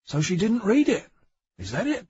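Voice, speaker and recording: Man putting on a high, husky, bewildered young cop. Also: animated, normal speed, full character voice. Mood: slow realizing. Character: slow-witted young male police officer, defensive. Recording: dry, dull audiobook recording.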